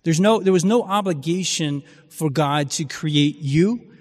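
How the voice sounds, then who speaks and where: A man delivers a sermon in a somewhat high voice, halting often and repeating words as he feels for his phrasing. His voice rings with the long reverb of a large church.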